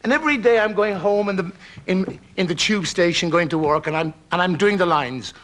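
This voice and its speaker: A man with an Irish accent, a talk show guest from Ireland, telling a story in an animated, theatrical way and laughing through his words. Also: high-pitched, a little fast. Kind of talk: lively anecdote on a talk show. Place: television studio with audience.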